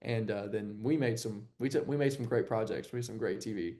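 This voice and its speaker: Lively young man from Texas. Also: brisk. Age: young adult. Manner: animated storyteller, acts out quotes with a jump in pitch. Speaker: guest, TV sports anchor. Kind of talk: casual interview chat.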